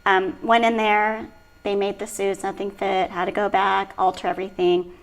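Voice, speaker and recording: Lively woman telling stories, gravelly edge. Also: medium pitch, normal speed, low-quality recording. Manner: lively storyteller, laughs often. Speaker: celebrity style coordinator. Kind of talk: casual interview chat.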